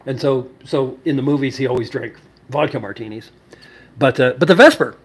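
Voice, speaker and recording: This cocktail show host speaks fairly quickly in a mid-range voice, spinning a lengthy, meandering tale to camera with plenty of filler words and restarts.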